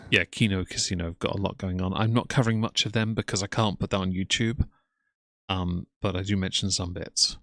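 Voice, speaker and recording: A man with a very low voice delivers sneering live commentary on someone else's stream. His voice sounds close and dry, with almost no room around it. He mocks the streamer and greets his own chat in between. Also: fairly even intonation, fairly quick, a bit bright, no room sound. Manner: scornful, mocking running commentary. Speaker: commentary streamer reacting to a livestream.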